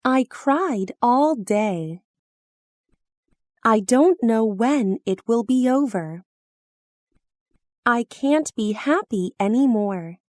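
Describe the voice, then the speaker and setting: A woman reading practice phrases slowly and carefully for language learners, each line delivered clearly and deliberately. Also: a little high, animated, darkish tone, no room sound, studio quality. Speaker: phrase reader.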